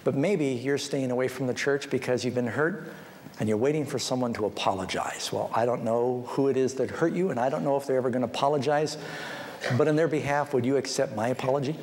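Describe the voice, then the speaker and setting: Speaking fairly quickly with a darkish tone, a male pastor delivers a sermon, telling stories and acting out the people he quotes with big pitch swings. He then turns to a pleading, personal appeal to his listeners. The recording has hall reverb and faint background noise.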